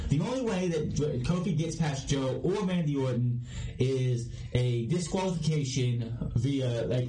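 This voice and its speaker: A man's voice: mid-range voice, warm tone. A man hosting a podcast, ranting bluntly and swearing for emphasis as he gives his opinions on wrestling. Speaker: podcast host. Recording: echoey room with faint noise.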